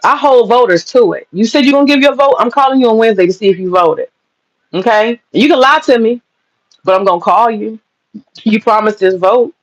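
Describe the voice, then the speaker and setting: A man's voice: high-pitched, a bit bright, muffled recording. A man telling a story in a casual monologue, emphatic and profane, repeating lines for punch. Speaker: storyteller recounting political campaign work.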